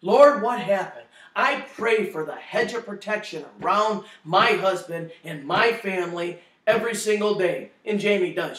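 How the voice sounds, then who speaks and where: A middle-aged man giving a spoken testimony, telling his story in an animated way and acting out the quotes loudly. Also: on the high side. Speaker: testimony speaker. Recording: echoey room, distant mic.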